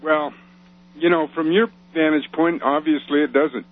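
A man arguing his side on a radio talk show over the phone, his pitch a bit high for a man. He stays measured and careful, hedging and apologizing as he goes. The line sounds thin and tinny, like a phone call. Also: fairly even intonation. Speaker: regular on-air guest commentator.

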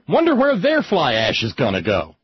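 A sarcastic man with a Southern American drawl talks in a lively, sing-song way as he jokes through a political chat. His voice is a bit husky and slightly high for a man. The sound is muffled, like radio audio. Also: no echo. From West Virginia. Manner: joking, sarcastic, animated. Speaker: co-host.

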